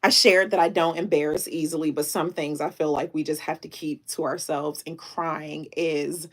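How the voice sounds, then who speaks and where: A woman hosting a casual live stream. She thanks viewers warmly, drops in French greetings and speaks with emotion, close to tears. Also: deep voice, steady tone, moderate pace. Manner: chatty, repeats herself, thanks viewers.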